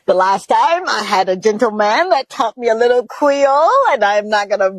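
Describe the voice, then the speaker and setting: A woman's voice: fairly high pitch, expressive, normal speed, low-quality recording. A woman, hosting a talk show in an effusive, chatty way and laughing often. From Mississippi, USA.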